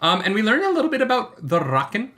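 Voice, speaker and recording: A man's voice: high-pitched, wildly swooping pitch, fast, pushed and bright. A man co-hosting a live book club show, chatting casually and enthusiastically, swearing and joking. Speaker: book club podcast co-host. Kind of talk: casual livestream chat.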